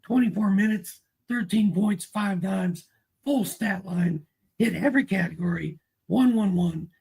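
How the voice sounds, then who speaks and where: A man co-hosting a fantasy basketball talk show, speaking in a relaxed, casual way with some hesitation. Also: high voice, a little slow, vocal fry, husky. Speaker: co-host and fantasy analyst. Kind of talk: casual chat.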